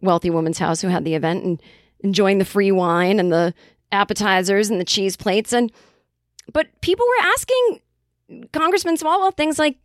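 A woman's voice: mid-range voice, expressive, moderate pace, dry recording. Casual woman podcaster from Boston, rambly and profane, close dry mic. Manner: rambling and profane, full of tangents and fillers. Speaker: comedian and podcast host. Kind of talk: casual chat.

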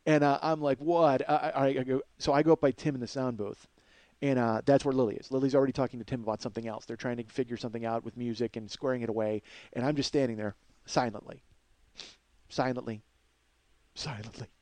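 Animated man telling a story. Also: mid-range voice, fast, no room sound. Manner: animated, profane storyteller acting out quotes. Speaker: podcast host. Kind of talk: casual storytelling.

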